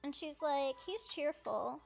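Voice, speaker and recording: A woman's voice: high-pitched, animated, slow, vocal fry, soft background music. A woman casually narrating a game playthrough, paraphrasing characters' lines in a chatty way. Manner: chatty, paraphrases dialogue with "she's like". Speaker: fan dubber playing through a game.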